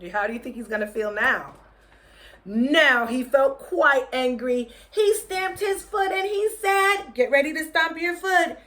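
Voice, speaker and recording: A woman teacher reading a picture book aloud to children, gently encouraging them to join in with movements. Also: high voice. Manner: slow, gentle, encouraging, leading children in actions.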